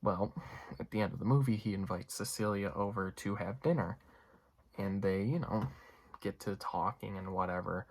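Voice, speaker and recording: A man's voice: lowish voice, normal speed, a little mellow. A young man giving a casual, rambling movie review, full of fillers and asides. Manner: rambling, lots of fillers and you-knows.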